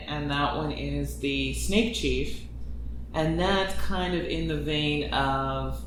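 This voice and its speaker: A man chatting animatedly in a casual group conversation about making his podcast, with quick asides. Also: on the high side, a bit bright, a little hiss or hum. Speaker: podcast creator. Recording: echoey room, far from mic.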